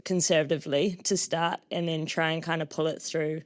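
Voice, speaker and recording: A woman's voice: sits low, little pitch movement, brisk. A young woman with a New Zealand accent, a trail runner being interviewed at a live show, bubbly and self-deprecating.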